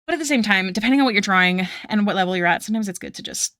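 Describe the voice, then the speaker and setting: A young woman with a bright, lively voice talks casually as she streams her drawing. She walks through her steps in a chatty way and laughs often. The sound is dry and close on a desk microphone. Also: medium pitch, very fast, hardly any pauses, dry recording. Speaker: streamer and digital artist. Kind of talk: casual chat while drawing.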